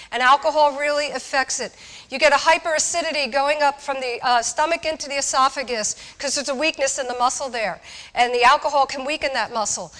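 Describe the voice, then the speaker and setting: A woman giving a lively, direct talk to college students, asking the audience questions. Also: sits high. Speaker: speaker on alcohol awareness. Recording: echoey hall.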